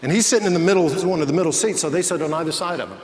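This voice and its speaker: Animated pastor in an echoey hall. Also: male voice, a little high, rapid-fire. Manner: animated, acts out quoted voices in the story. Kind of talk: sermon storytelling. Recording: echoey church hall, faint ambience.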